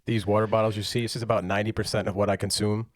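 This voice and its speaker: Male podcast co-host, quick chatty delivery, fairly low voice, casual. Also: flat delivery, no room sound, studio quality. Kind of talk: casual sports podcast chat.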